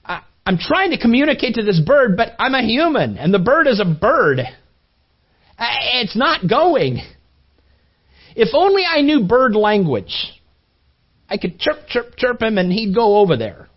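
A man's voice: extremely high pitch, very animated, measured pace, breathy edge, pitched above the performer's own voice, exaggerated voice. A preacher voicing an exasperated father who scolds and pleads at a bird in a raised voice. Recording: dull lo-fi recording.

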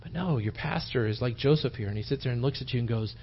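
A man's voice: mid-range voice, fast talker, a little hiss or hum. A man giving an informal, rambling Bible-study sermon in church, often restarting his sentences and acting out quotes. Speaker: lay preacher teaching Bible study. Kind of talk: conversational sermon. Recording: dull lo-fi sermon tape.

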